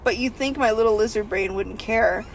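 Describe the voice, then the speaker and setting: Host, woman, fairly high voice, deadpan comic read-aloud with asides, faint hiss behind. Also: normal speed, low-quality recording. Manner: reads in first person, breaks into laughter and asides. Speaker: podcast host reading a book aloud. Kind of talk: comedic reading with banter.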